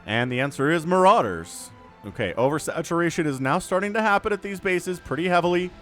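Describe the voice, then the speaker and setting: A man casting a strategy game match solo, giving excitable play-by-play with jokey asides and little voiced quips for the units. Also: on the high side, fairly quick, soft background music. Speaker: esports shoutcaster.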